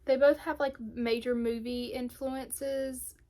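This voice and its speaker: A woman's voice: sits high, flat delivery, slow, mellow. Young girl doing a book vlog, gushy and teary, slips into whispers. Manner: gushing, emotional, drops into a whisper at times. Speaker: booktube vlogger. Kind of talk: casual book review chat.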